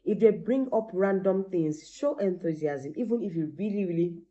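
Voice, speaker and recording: A middle-aged woman, a teacher and mother, giving animated parenting advice and acting out bits of dialogue. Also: on the low side, normal speed. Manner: animated, acts out quoted dialogue.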